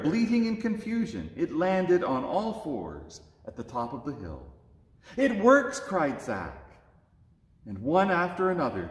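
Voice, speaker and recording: Expressive man reading a storybook. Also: a little high. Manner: expressive, lively read-aloud delivery. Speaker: story reader at a church service. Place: church. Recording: echoey church with long reverb.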